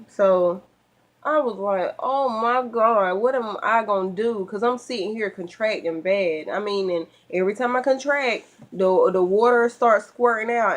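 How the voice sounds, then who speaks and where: Chatty Southern woman telling her story. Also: medium pitch. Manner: animated, chatty, acts out her own past lines. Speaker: vlogger. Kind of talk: personal storytelling. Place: at home.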